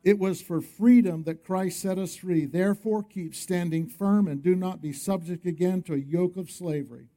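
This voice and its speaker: A man's voice: high-pitched, normal speed, hardly any pauses, warm tone. A male pastor preaching a sermon, emphatic, often calling on the congregation to respond.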